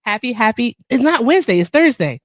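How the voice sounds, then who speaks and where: A woman's voice: a little high, sing-song, a little fast, no room sound, studio quality. A woman hosting a casual livestream, chatty and playful with a teasing manner. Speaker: livestream host.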